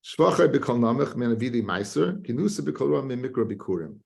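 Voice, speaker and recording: Man, rabbi, Talmud class, gravelly voice, animated singsong. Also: mid-range voice, fairly quick. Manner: animated, chanting study singsong with frequent restarts.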